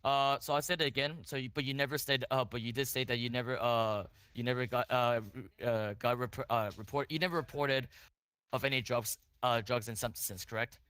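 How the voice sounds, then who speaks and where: A man playing a defense lawyer in a role-play court, with a bright, forward voice. He cross-examines in halting phrases, restarting and repeating his questions, and the sound is close and dry. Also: medium pitch, steady tone, smooth, no echo.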